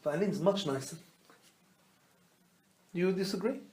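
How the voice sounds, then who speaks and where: A man, a rabbi, teaching a Torah class as an animated storyteller who quizzes his listeners and mixes Hebrew terms into his teaching. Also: sits high, unhurried. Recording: roomy echo.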